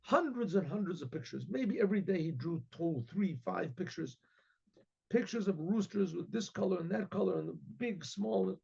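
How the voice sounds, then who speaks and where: A man, a rabbi, telling a story in a sermon with vivid, animated storytelling and hesitant restarts, on a dull lo-fi recording. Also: sits high, moderate pace, vocal fry, breathy edge. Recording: dull lo-fi sound.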